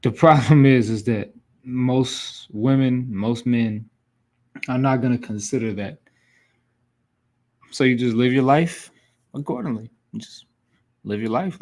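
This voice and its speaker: A man's voice: medium pitch, a little slow, pauses often, a little mellow. A man teaching a scripture class in a blunt, scolding, profane way. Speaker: class instructor. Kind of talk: preaching scripture lesson.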